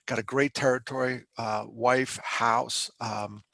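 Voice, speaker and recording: A man's voice: medium pitch, level tone, slow, creaky, pushed and bright, no echo. A middle-aged man from Pennsylvania, a podcast guest and mental health speaker, telling his story candidly in a conversational, emotional, self-deprecating way.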